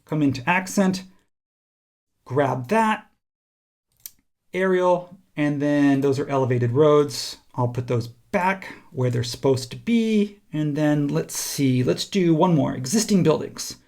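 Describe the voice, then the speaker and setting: A man teaching a software tutorial, talking casually and thinking aloud while he clicks through steps. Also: a little high, animated, takes it slowly. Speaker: instructor. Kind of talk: screen-recorded software tutorial.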